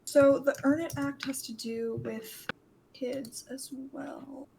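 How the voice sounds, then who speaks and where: A woman's voice: sits high, fairly even intonation, slow pace, gravelly, heavy background noise. A woman guest in a casual conversation, explaining things in a matter-of-fact way.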